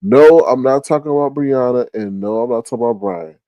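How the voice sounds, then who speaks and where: A man's voice: medium pitch, a little fast, mellow, no echo. A man hosting a livestream in a casual chat, sleepy and yawning, rambling and trailing off as he restarts his thoughts. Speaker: livestream host. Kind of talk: casual live-chat commentary.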